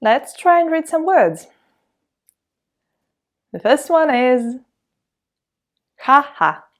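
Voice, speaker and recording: A woman's voice: high-pitched, very animated. A woman from Russia with a Russian accent, teaching a language lesson in a patient, encouraging way. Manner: patient, encouraging, reads words slowly for repetition.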